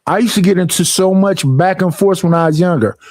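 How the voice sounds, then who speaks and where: A young man, streaming a casual, profane, animated rant about personal space and family gatherings. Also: high voice, fairly quick, dry recording, studio quality.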